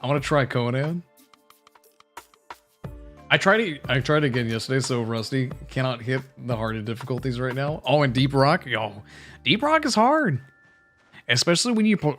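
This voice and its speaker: A man talks casually through a gaming livestream, rambling and swearing. He cheers at the game now and then. His pitch sits in the middle, and soft music plays underneath. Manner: loose, chatty and profane, cheering at the game. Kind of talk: casual chat over gameplay.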